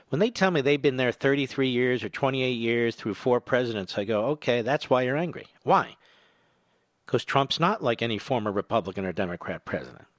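A man's voice: mid-range voice, a bit bright, no room sound. An older man hosting a political talk radio show, delivering a combative, sarcastic monologue that swells to emphatic peaks. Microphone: studio microphone.

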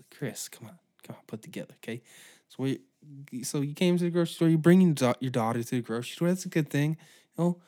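A man's voice: medium pitch, dark tone. A man hosting a podcast, ranting through a sarcastic, profane comedic monologue. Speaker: podcast host.

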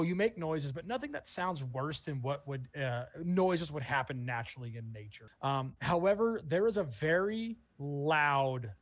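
A man serves as game master for a tabletop role-playing game, describing scenes in a relaxed manner with lots of fillers. His voice is on the high side, and the recording's highs are cut off.

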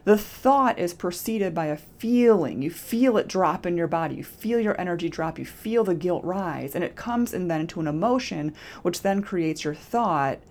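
A woman's voice: lowish voice, expressive, normal speed, few pauses, darkish tone. A woman podcast host and nutrition coach talking casually and expressively, acting out quoted self-talk. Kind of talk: solo podcast monologue.

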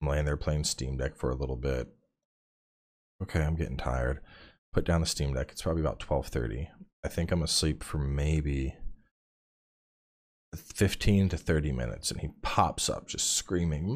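A tired man in his thirties, a podcast guest chatting casually and telling animated stories with plenty of swearing. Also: very deep voice, moderate pace. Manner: animated storyteller, swears freely. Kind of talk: casual chat.

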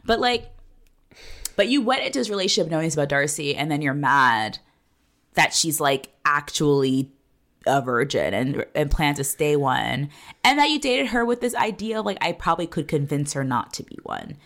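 Low-voiced, animated woman podcaster. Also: normal speed. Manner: animated, laughs often, swears freely. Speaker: podcast host. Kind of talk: casual chat recapping a TV show.

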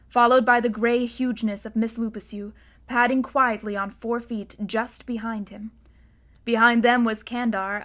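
Woman reading a storybook aloud, slightly high voice, steady and unhurried. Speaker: narrator. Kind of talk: audiobook narration.

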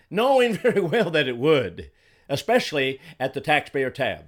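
A man's voice: a little high, wildly swooping pitch, moderate pace. Indignant older man, emphatic commentary. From Arizona. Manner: indignant, emphatic, repeats words when heated. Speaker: political commentator. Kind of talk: solo commentary monologue.

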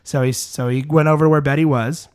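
A man's voice: on the high side, steady tone, fast talker, darkish tone, smooth. Rambling man hosting a podcast. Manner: rambling, many fillers and restarts. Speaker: podcast host. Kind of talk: casual podcast chat.

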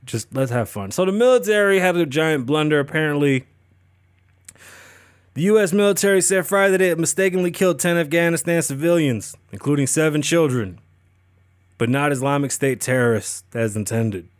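A male podcast host telling a story in a casual monologue, animated and profane, acting out the dialogue himself. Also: on the high side, normal speed, no room sound.

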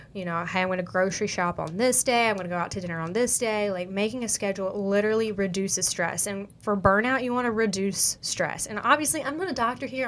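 A young woman with a light Southern country twang talks through personal advice in a casual podcast monologue. She is chatty and upbeat, leaning on fillers as she goes, at a middle pitch, with a faint low rumble under her voice. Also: fairly bright tone. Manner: chatty, upbeat, heavy with "like" and "you know". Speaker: podcast host.

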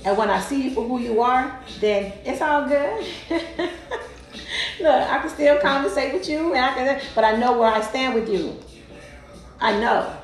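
Woman, casual storytelling, emphatic, colloquial, fairly high voice, echoey room, faint music. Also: normal speed.

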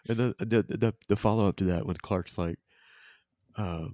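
A man co-hosting a podcast in casual chat, laughing often and quoting movie lines in loud put-on voices. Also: fairly low pitch, unhurried, long pauses, dry recording, studio quality. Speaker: podcast co-host.

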